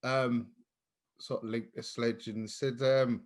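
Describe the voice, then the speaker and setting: A man's voice: mid-range voice, little pitch movement. A man hosting a podcast who laughs and stumbles a bit as he puts questions to his guests. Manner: slow, laughing, fumbling questions. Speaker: podcast host. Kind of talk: casual podcast chat.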